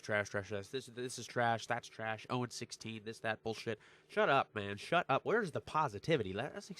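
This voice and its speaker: A man's voice: on the low side, a bit bright. Frustrated young man ranting about football. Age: teens. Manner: emphatic, frustrated, repetitive, swears freely. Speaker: vlogger, sports fan. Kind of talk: heated sports recap rant.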